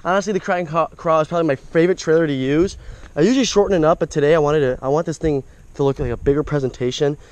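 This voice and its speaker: A man's voice: fairly high pitch, racing, a little mellow, low-quality recording. A young man vlogging his fishing trip outdoors by a creek, talking into an action camera and exclaiming over each catch. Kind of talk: casual outdoor commentary.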